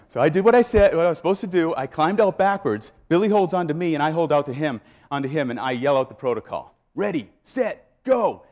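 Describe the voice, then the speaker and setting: Male keynote speaker, fairly high voice, animated live storytelling. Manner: animated, acts out scenes and voices. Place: live event before an audience.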